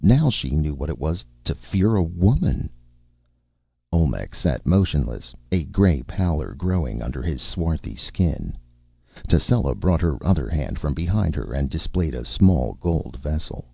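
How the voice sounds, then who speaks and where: A man reading a pulp adventure story aloud as a narrator, with a dramatic, expressive delivery. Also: very deep voice, unhurried, creaky, slightly rough, no room sound. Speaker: audiobook narrator. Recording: dull, dry audiobook recording.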